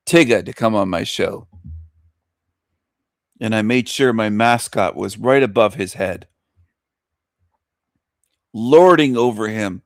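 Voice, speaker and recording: A man's voice: on the low side, dry recording, studio quality. A man hosting an internet talk show, delivering a boastful, taunting monologue and laughing at his own lines. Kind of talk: provocative monologue rant.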